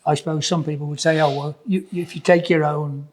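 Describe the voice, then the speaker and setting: An older tradesman chatting on a podcast, his voice husky and a touch high. He rambles, restarts his sentences and leans on "you know" as he spins a story from the job. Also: steady tone, brisk, darkish tone. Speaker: podcast co-host, builder. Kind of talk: casual chat.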